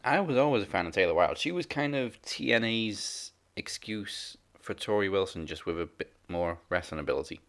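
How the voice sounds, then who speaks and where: A man's voice: lowish voice, lively intonation, normal speed, hardly any pauses, a bit bright. A man co-hosting a casual wrestling podcast, chatty and opinionated, often restarting his words. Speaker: podcast co-host. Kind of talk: casual chat.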